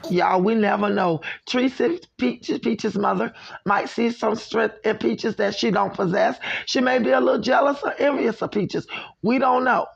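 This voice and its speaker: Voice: mid-range voice, moderate pace, vocal fry. A commentator in their fifties reacting bluntly to a clip, talking straight to viewers and calling out behavior. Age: 50s. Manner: blunt, judgmental, addresses viewers as y'all. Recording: dull lo-fi recording.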